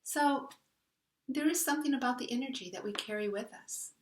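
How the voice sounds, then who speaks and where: A woman's voice: high voice, a little fast, far from the mic, slight background noise. Conversational woman in an echoey room. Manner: earnest, conversational, retells a story with voiced quotes. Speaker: host. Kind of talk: reflective spiritual talk. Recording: echoey room, voice a bit off-mic.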